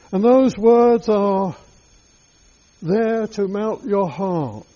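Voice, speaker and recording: A male preacher guides the listener through a scripture meditation, addressing them directly and reflectively. His voice is fairly high for a man, slow and mellow, and the recording is dull and lo-fi.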